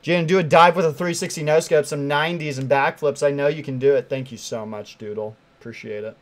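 A young man giving live commentary while playing a hard climbing game, excitable and swinging between quiet mutters and sudden yelps. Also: fairly high pitch, a little fast. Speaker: gaming streamer.

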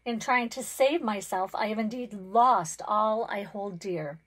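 A woman reads from a storybook as a proud, selfish male pond spirit, pleading in a lightly acted, measured way. He rants, and his voice climbs high and loud whenever he is upset.

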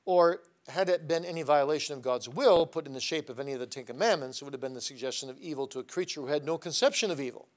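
A man lecturing at a seminary, telling stories animatedly and swinging between soft asides and loud, emphatic points. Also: a little high, quick pace, few pauses. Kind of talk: classroom lecture.

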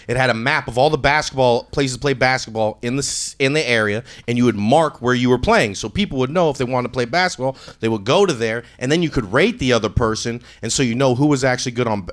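This male comedian, medium in pitch, is improvising a story at a comedy club with a handheld mic. He bounces between loud, acted-out lines and quietly mumbled asides.

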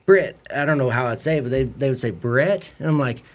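A man's voice: medium pitch, steady tone, rapid-fire. A man, a comedian guest telling rambling, laughing stories in casual podcast chat. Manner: rambling, laughing, slangy storytelling.

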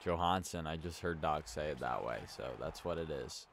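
Man, deep voice, let's play commentary, casual and rambling, quick game reactions. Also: gravelly, slight background noise.

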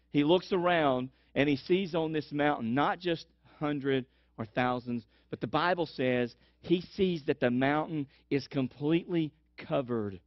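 A man's voice: fairly high pitch, no echo. A man preaching a sermon as pastor, telling stories animatedly and repeating for emphasis. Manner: animated storytelling, emphatic repetition. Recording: dull lo-fi sermon recording.

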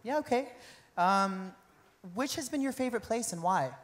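A woman's voice: on the high side, expressive, moderate pace. A woman hosting a live pageant on stage, chatting playfully with contestants and laughing often. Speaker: pageant host. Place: live pageant show in a concert venue.

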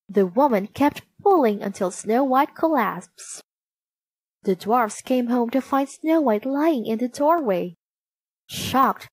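Woman, storybook narrator, slow, expressive, higher voice, dry close recording. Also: no room sound. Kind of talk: storybook read-aloud.

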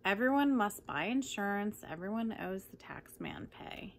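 A woman reciting comic poems in a deadpan, measured way. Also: medium pitch, slight background noise. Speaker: poetry reader.

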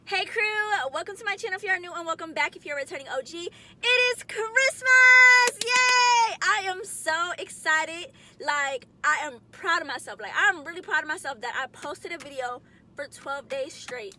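A woman's voice: high voice, expressive, quick pace, background noise. A young woman vlogging to camera while driving, chatty, upbeat and full of slang. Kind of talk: casual chat to camera. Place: in a car, driving.

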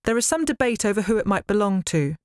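A woman's voice: mid-range voice, lively intonation, quick pace, no echo, studio quality, voice pushed up, lightly acted. A woman voicing a scheming, commanding queen of the gods. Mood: imperious. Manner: commanding, snappish.

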